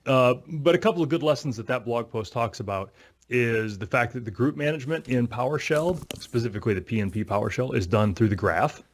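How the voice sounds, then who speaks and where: A man co-hosts a tech podcast, chatting in a rambling, self-deprecating way. His voice is medium in pitch and his pace brisk, the tone of casual tech talk.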